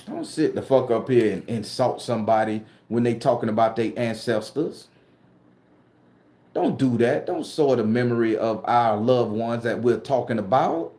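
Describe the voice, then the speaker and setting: A man's voice: medium pitch, normal speed, warm tone, echoey room. A man from southern Florida, a spooky-story vlogger and tarot reader, ranting bluntly and profanely to camera. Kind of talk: casual ranting monologue to camera.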